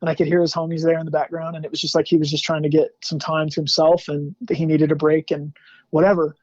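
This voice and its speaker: A man's voice: a little high, level tone, quick pace, no echo. A man from Salt Lake City telling a painful personal story as a podcast guest, speaking in a candid, slangy and emotional way. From Salt Lake City, USA. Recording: dull lo-fi dry sound.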